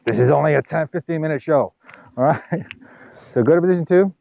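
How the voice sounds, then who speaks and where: A man's voice: a little high, brisk, creaky, no room sound. A man coaching a tennis student on a court, giving direct instructions and constantly checking in with "all right?" and "okay?", sometimes teasing his student. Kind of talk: hands-on coaching session. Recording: dull, lo-fi camera audio.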